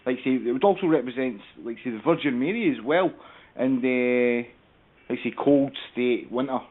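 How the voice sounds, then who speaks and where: A male caller on a talk show, chatting loosely and quickly with asides and repeated phrases. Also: medium pitch. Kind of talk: call-in talk show chat. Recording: tinny phone line with faint hiss.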